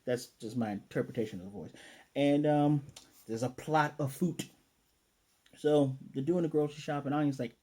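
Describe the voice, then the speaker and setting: Mellow American male host, loose rambling anime recap full of fillers. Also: mid-range voice, normal speed. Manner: rambling, many fillers and self-corrections. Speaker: anime reviewer. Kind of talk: casual episode review.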